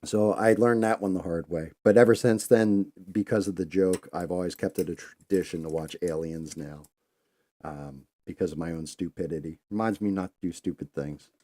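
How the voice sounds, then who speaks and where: A man's voice: low voice, fairly even intonation, normal speed, mellow. A man hosting a live stream, telling loose, rambling stories in a casual, conversational way. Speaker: host.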